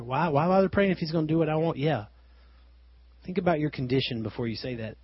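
A man preaching a sermon, swinging between loud emphasis and quiet asides. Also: medium pitch, breathy edge, no echo, highs cut off.

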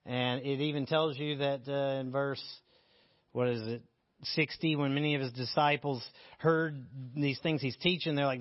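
A man's voice: medium pitch, fairly even intonation, normal speed, no room sound, highs cut off. A man teaching a Bible passage in a casual, candid way, joking as he reads and explains scripture. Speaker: preacher.

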